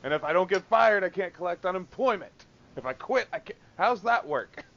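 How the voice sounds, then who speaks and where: A man's voice: high-pitched, expressive, fairly quick, a bit bright, dull audio. A man co-hosting a casual podcast, venting about work with lots of swearing and laughter. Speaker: podcast co-host. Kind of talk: casual chat.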